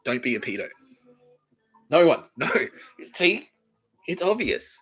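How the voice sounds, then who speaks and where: A man's voice: a little high, very animated, slow, a bit bright, husky, poor audio. A man with an Australian accent hosting a comedy podcast, rambling through a crude, swearing, giggly monologue. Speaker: podcast host.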